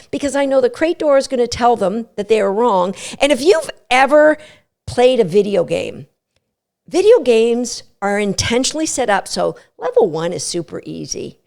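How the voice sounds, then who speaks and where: A middle-aged woman hosting a dog training podcast, animated and playful, often breaking into quick voices for what a dog might be thinking. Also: fairly high pitch, vocal fry. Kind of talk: podcast teaching talk.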